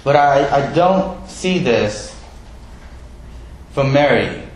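This man's medium-pitched voice has lively intonation and moves very slowly, captured in poor, reverberant audio. As pastor, he gives a chatty sermon, regularly turning questions on the congregation and joking at his own expense.

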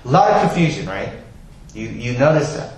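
A man preaching a sermon, telling Bible stories in a lively way and acting out the characters' lines. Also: mid-range voice, a little fast, slight background noise. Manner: animated storytelling, acts out quoted voices. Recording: very echoey hall, faint ambience.

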